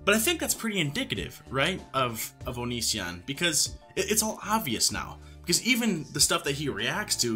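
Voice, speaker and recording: A man's voice: on the high side, sharp tone. A man giving mocking, sarcastic commentary as he reacts to posts. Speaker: YouTube commentator.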